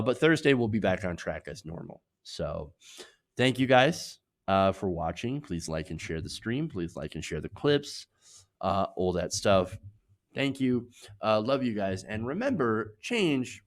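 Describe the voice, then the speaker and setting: A man's voice: lowish voice, animated, measured pace. A man hosting a live political commentary stream, talking emphatically and indignantly and raising his voice to drive points home, then rambling with fillers when speaking off the cuff.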